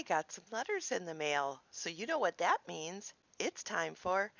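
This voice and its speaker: Woman vlogger, casual and cheerful, lively pitch, dry dull home sound. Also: a little slow, vocal fry, hardly any pauses, no echo. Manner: cheerful, sing-song greetings. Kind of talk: casual vlog chat.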